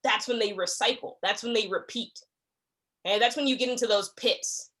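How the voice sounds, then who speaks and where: A young woman gives a staff training session in a bright, sharp voice that sits a little high. She talks conversationally, checking in with her listeners again and again and acting out short exchanges as she explains. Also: moderate pace. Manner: conversational, frequent "okay?" check-ins; acts out quoted exchanges. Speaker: workplace trainer.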